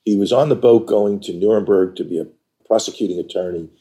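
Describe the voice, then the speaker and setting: An older man from New York, an interview guest telling stories about his career in an animated, emphatic way. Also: lowish voice, fast. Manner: animated, emphatic storyteller who acts out quoted dialogue. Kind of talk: conversational storytelling.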